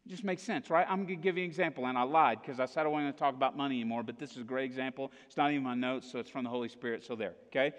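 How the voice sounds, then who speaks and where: A man's voice: mid-range voice, very fast, hardly any pauses. An American man preaching a casual sermon, joking with the congregation and often checking in with "okay?" and "right?". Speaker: pastor. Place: church auditorium. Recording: echoey hall reverb.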